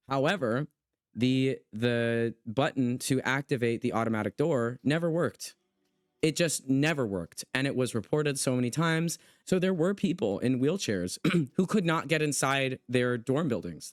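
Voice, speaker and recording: A young American man with a mid-range voice hosts a podcast, casually reading chat comments while talking earnestly and emphatically. The sound is studio quality with no echo.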